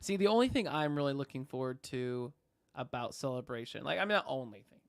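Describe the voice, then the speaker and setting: A man hosting a casual podcast, talking upbeat and energetic about the show. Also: medium pitch, a little fast, vocal fry, clear, resonant tone, no room sound, studio quality. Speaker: podcast host.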